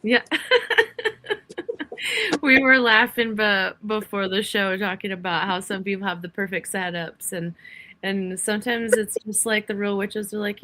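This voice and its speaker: A woman's voice: mid-range voice, fairly even intonation, a little slow, bright, forceful tone, low-quality recording. A woman hosting a live online reading, chatting with a guest and laughing while she reads out planet positions. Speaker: host. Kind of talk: casual live-stream chat.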